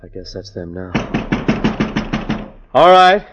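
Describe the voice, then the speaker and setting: A man's voice: sits low, big pitch swings, slow, exaggerated voice. An actor playing a nervous young frontier man who speaks hesitantly, in 1940s radio acting. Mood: uneasy. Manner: hesitant, uneasy. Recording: noisy lo-fi old radio recording.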